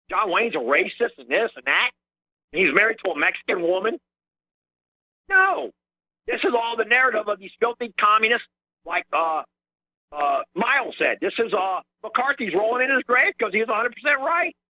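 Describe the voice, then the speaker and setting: A man's voice: fairly quick, dry recording. A man calling in to a radio talk show, ranting indignantly. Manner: indignant ranting, lively pitch swings. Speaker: caller. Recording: dry muffled phone line.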